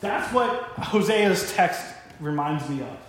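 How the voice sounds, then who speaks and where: A young male pastor giving a sermon, telling stories with animated voices for God and a parent. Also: fairly high pitch, slow, a little hiss or hum. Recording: very echoey church room.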